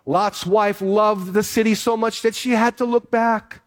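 A man's voice: extremely high pitch, moderate pace, hardly any pauses. A man in his fifties, a pastor preaching an impassioned sermon, repeating phrases and stumbling over restarts as he presses his point. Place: church in Hawaii.

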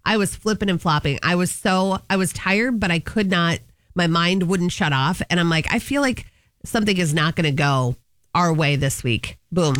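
A woman co-hosting a casual chat show, telling stories in a lively way and laughing often. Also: lowish voice, normal speed, dry recording. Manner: chatty storyteller, laughs often. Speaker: co-host.

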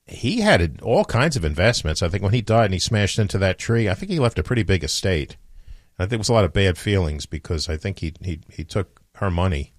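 A man's voice: low voice, very animated, fast talker, no echo, studio quality. A man hosting a morning radio show, chatting offhand and rambling with lots of fillers and restarts. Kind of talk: casual morning radio chat.

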